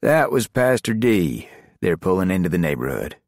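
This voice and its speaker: Narrator plays a laid-back male soldier, husky, curt. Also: low voice, big pitch swings, normal speed, no echo, studio quality, voice pushed up, heavily acted. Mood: easy.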